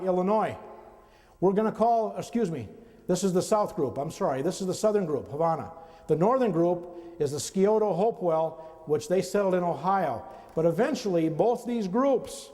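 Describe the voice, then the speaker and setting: A man's voice: sits high, dark tone. A man giving a slide lecture to an audience in a conversational way, often turning to the listeners with questions. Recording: long reverb of a hall.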